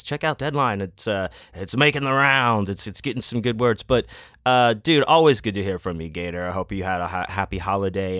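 A man hosting his own podcast, chatting in a loose, rambling and playful way. His voice sits a little low and sounds dry and close to the mic. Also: fairly bright tone, no echo. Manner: rambling and playful, many fillers and restarts. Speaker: podcast host. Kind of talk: casual solo podcast talk.

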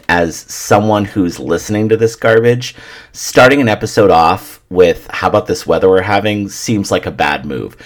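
A low-voiced man talks straight into his mic on his solo podcast. He rants about everyday things in a loose, profane, sarcastic way, like a host riffing in one take. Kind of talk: casual solo podcast monologue.

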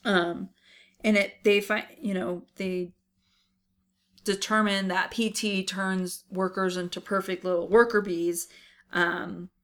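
A woman's voice: mid-range voice, flat delivery, takes it slowly, a bit bright. A woman co-hosting a podcast, recapping a TV episode in casual chat, laughing often as she quotes lines from it. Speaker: podcast co-host.

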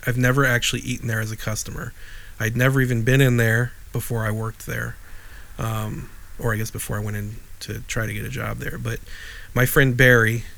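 A middle-aged podcast co-host from Wheeling, Illinois, USA chats casually, telling a meandering story packed with restarts and dry asides. His mid-range voice is gravelly and a bit bright.

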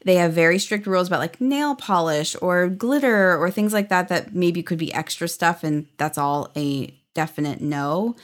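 A woman in her thirties, chatty and upbeat, telling stories as an interview guest. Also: on the low side. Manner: chatty, upbeat, laughs often. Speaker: guest, former theme park character performer. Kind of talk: casual interview storytelling.

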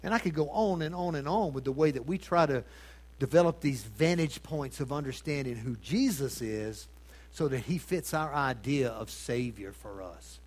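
A man delivers a sermon, putting rhetorical questions to his congregation and swinging from loud emphasis to hushed tones. His voice is medium-pitched and expressive, at a normal speed.

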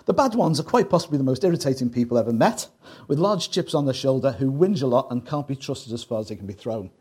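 A man with a Liverpool Scouse accent preaching to a congregation, his voice a little husky and grainy. He talks casually, with jokes and side remarks thrown in, in a middle-range voice. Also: medium pitch, expressive, fast, darkish tone. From Liverpool, England. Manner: joking, conversational, lots of asides. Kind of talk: sermon with jokes.

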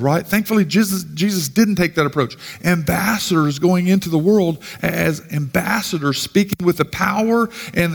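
A man's voice: sits high, creaky, long reverb tail. A man pastor giving a conversational sermon full of rhetorical questions.

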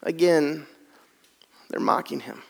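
A man's voice: a little high, takes it slowly, vocal fry, breathy edge. A man preaching a sermon, reading scripture aloud with dramatic drops to near whispers. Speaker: pastor. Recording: long hall reverb.

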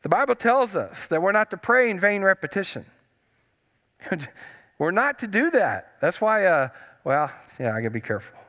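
Folksy pastor preaching in a reverberant church. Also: male voice, sits high, sing-song, normal speed, a bit bright. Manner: folksy storytelling with humor and emphatic stretched words. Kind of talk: sermon. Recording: long reverb of a church sanctuary.

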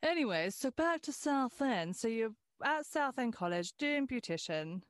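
A woman's voice: on the high side, big pitch swings, normal speed, no echo. Chatty English woman host, dry close sound. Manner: chatty, swears casually, restarts often. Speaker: podcast host. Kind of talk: casual chat.

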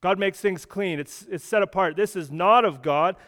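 Pastor guy giving a sermon, kinda high smooth voice, chatty, restarts a lot, big echoey hall. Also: normal speed, fairly bright tone. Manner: conversational, explanatory preaching with frequent restarts.

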